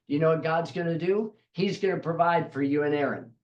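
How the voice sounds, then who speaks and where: A man's voice: on the high side, a little fast, hardly any pauses, darkish tone, dull audio. Emphatic preaching man, roomy echo. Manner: emphatic, repeats phrases for stress. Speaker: Bible teacher. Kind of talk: devotional Bible teaching.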